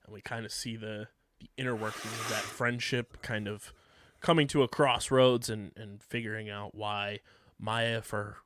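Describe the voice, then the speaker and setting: This man co-hosts a podcast and rambles through a plot recap, laughing often and saying "um" a lot in casual chat. His pitch is fairly low and his intonation fairly even, at a normal speed with a fairly bright tone. A little hiss or hum runs under the recording.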